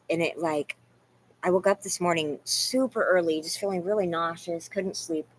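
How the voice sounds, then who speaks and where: A woman's voice: on the low side, a little hiss or hum. Rambling, confessional woman vlogger. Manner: rambling, confessional, says "you guys" and "like" a lot. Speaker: vlogger talking to live chat. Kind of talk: emotional casual livestream chat.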